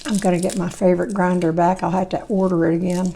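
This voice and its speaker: A woman, chatty and folksy, hosting a home cooking video while hoarse, her voice coming and going. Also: fairly low pitch, flat delivery, fast talker, warm tone, a little hiss or hum. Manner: chatty, folksy, rambling asides. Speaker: cooking channel host. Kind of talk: casual cooking demonstration.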